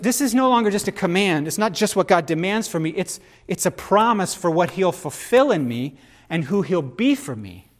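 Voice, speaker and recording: A middle-aged man preaching in an animated, conversational way and often turning to his listeners with asides. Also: sits high. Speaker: pastor. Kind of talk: sermon.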